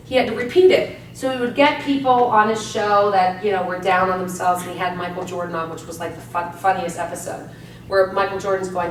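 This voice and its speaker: Speaking to a live audience at a motivational seminar, a woman delivers her talk emphatically and energetically, checking in again and again with "right?". Her medium-pitched voice holds a steady tone at a moderate pace. A distant mic in an echoey room catches a faint background hum.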